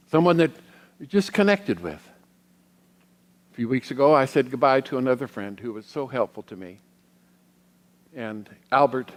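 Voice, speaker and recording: A middle-aged man giving a sermon as a guest minister. He tells personal stories in a reflective way, with pauses. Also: medium pitch. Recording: long hall reverb.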